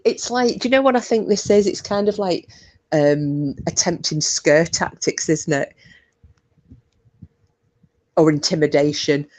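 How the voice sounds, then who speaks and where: A low-pitched woman, hosting a live stream for her viewers. She keeps up a loose, chatty flow, laughs often and swears without a second thought. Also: darkish tone. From England. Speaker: livestream host. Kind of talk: casual live chat.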